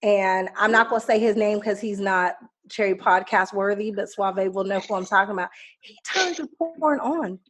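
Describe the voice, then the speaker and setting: A woman host from the San Fernando Valley who talks in an animated, excitable way and often bursts into loud laughter. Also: mid-range voice, normal speed. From the San Fernando Valley, California. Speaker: podcast host. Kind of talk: casual interview chat.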